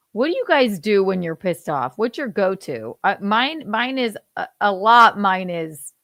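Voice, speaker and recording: A woman in her thirties hosting a casual livestream chat, animated and laughing, swearing freely and acting out how she yells. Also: medium pitch, takes it slowly, long pauses, no echo, clean studio sound. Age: 30s. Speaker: host.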